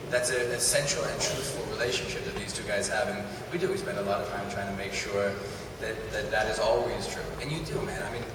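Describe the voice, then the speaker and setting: A male actor answering fan questions at a convention panel, thoughtful, with halting restarts and frequent laughs. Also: fairly low pitch, steady tone. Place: large convention hall. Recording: echoey hall mic, distant, crowd noise.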